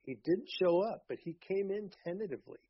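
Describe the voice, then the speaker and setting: A man's voice: high-pitched, fast talker, slightly rough, no room sound. A man as an interview guest, telling a story in a thoughtful, hesitant way. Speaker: guest, author. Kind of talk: casual interview chat. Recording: dull lo-fi sound.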